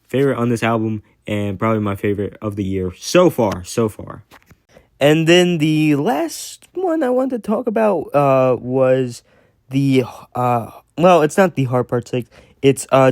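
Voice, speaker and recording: A man's voice: mid-range voice, animated, moderate pace, darkish tone, dry recording, clean studio sound. A man rambling casually about music, with lots of fillers, restarts and swearing. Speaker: music commentator.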